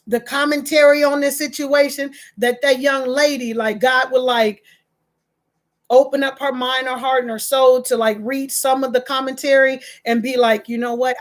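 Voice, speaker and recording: A high-pitched woman talks straight to her viewers in a casual commentary show. She argues with passion and emphasis, and her pitch climbs whenever she gets worked up. Her voice sits well above that of most women. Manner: passionate, emphatic, rising in pitch when outraged. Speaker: online talk show host.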